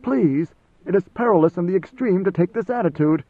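A man voicing a fearful male messenger who speaks in a tightly controlled, urgent, hushed way. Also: high-pitched, expressive, brisk, no room sound, pitched above the performer's own voice. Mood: tense. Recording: tinny phone-like band, dry.

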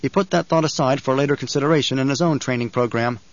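A man narrating an audiobook in a steady, deliberate way. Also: mid-range voice, dry recording, muffled recording. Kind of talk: scripted narration.

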